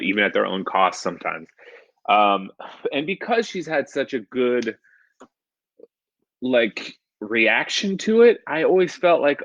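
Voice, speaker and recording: A man's voice: medium pitch, a bit bright, no echo, lo-fi sound. A man in his thirties telling personal stories in a casual, self-deprecating way on a live stream from his home kitchen. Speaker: storyteller. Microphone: phone or webcam on a live stream.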